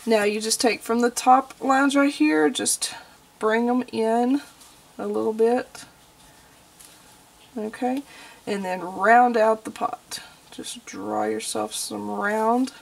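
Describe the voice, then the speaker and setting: A woman's voice: fairly high pitch, creaky. A young adult woman with a Texan accent giving a homey, chatty crafting tutorial, full of y'all and okay. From Texas.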